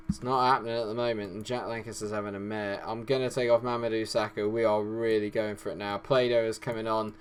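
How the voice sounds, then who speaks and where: A man giving excited, hoarse commentary on his football management game, swinging from glum muttering to shouted outbursts. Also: on the low side, a little fast, few pauses. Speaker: gaming YouTuber.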